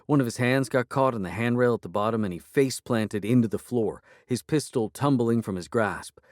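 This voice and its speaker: A man narrating a first-person audiobook in a measured storytelling manner. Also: medium pitch, no room sound, clean studio sound.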